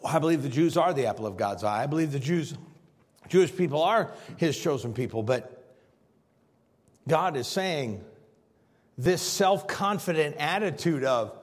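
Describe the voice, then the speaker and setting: A man's voice: fairly high pitch, lively intonation, normal speed, pauses often, in a large hall. A man preaching a sermon on scripture, acting out the people he quotes with big swings in voice. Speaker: pastor.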